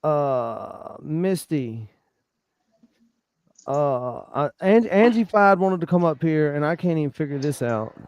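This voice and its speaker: A man hosting a casual livestream chat, laid-back and halting, with lots of fillers. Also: on the high side, animated, a little mellow, clear, resonant tone, no room sound. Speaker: stream host. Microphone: remote stream call.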